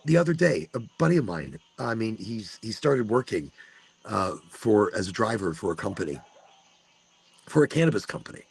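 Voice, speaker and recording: A man's voice: on the low side, moderate pace, vocal fry, husky. A man in his forties hosting a podcast, talking casually and swearing, acting out what he tells himself in the mirror. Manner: animated, swears, acts out his own inner talk. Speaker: podcast host. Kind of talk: casual monologue.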